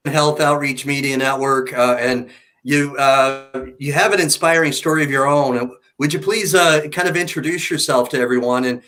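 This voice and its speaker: A man hosting a live talk show, excitable and hyped, introducing his guest. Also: mid-range voice, normal speed. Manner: excitable, hype-filled. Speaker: host.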